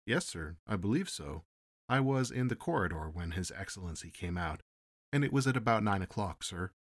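Give me a man playing an eager, respectful ship's steward, pitched up a bit. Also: very animated, normal speed. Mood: earnest. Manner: polite, says sir often. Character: deferential male ship's steward, eager and talkative.

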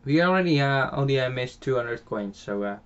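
A man with a Dutch accent talks through a farming game in a relaxed, halting way, often pausing on filler sounds and starting phrases over. His voice sits at a middling pitch. The home mic sounds dull and lo-fi. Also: clear, resonant tone. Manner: hesitant, many filler sounds and restarts. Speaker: game channel host. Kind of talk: casual gameplay commentary voiced afterwards.

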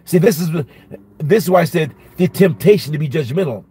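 A male minister with a somewhat high, husky and mellow voice tells a personal story as a sermon. He speaks in an animated storytelling manner and says most phrases twice for emphasis. The sound is dry and close, with no room echo. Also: fairly quick. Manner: repeats each phrase for emphasis. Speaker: minister teaching Bible study.

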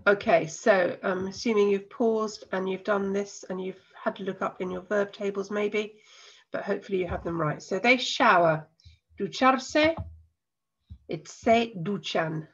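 A woman teacher with an English accent and a cold, patiently explaining a recorded lesson and slowing down to spell things out. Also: mid-range voice, fairly bright tone, breathy edge, highs cut off. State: has a cold.

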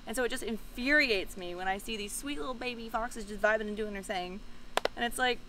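A woman's voice: on the high side, fairly quick, noisy background. A woman guest at an outdoor animal enclosure, speaking in an earnest, impassioned way. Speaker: visiting guest. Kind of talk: casual chat.

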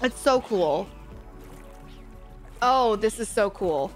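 A woman giving live reaction commentary as a gaming streamer, excitable and gushing, full of exclamations. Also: medium pitch, slow pace, faint music behind.

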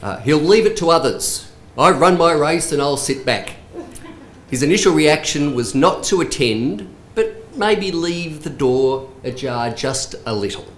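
A middle-aged man speaks with a husky, hoarse voice, telling humorous anecdotes and drawing the audience in. The sound is echoey, as in a hall, with faint ambience underneath. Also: on the high side, lively intonation, measured pace, fairly bright tone, a little hiss or hum. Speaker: son of the honoree, giving a response speech.

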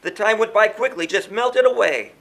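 A man's voice: high voice, expressive, moderate pace, creaky, a bit bright. A man reading a rhyming children's story aloud in a sing-song way, chanting the refrains.

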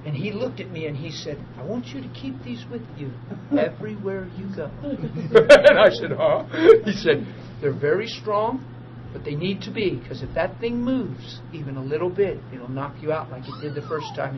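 A man preaching a testimony as a story, excitable, bursting into laughter and shouts. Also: a little high, moderate pace. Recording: muffled recording with steady hum.

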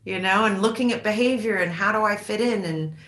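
A woman's voice: mid-range voice, fairly quick, a bit bright, roomy sound. A middle-aged American woman speaking as an interview guest, reflective and thoughtful, often restarting her sentences. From United States. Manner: reflective, with frequent restarts and fillers. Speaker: author and actress, interview guest. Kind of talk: conversational interview.

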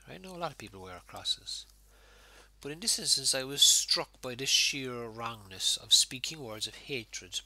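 A man's voice: medium pitch, bright, forceful tone. A man with an Irish accent, a pastor giving an informal home worship sermon in a conversational way with fillers.

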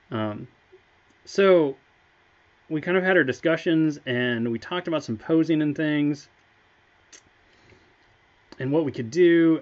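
On a game studio's livestream, a male staff member tells a story in a chatty, enthusiastic way during casual chat. His voice sits a little high with a darkish tone, and the recording sounds muffled.

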